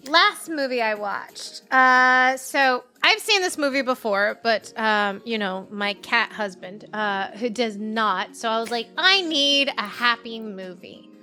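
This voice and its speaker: A woman's voice: on the high side, a little slow, few pauses, bright, forceful tone, soft background music. A woman co-hosting a casual podcast who gushes about a film and acts out its scenes in quoted voices. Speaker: podcast co-host. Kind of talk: casual chat.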